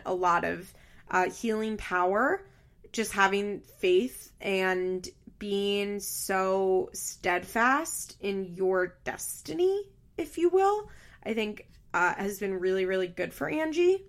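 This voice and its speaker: A woman's voice: mid-range voice, slow pace. A woman giving casual, blunt commentary on a reality show, swearing often and sharing her opinions.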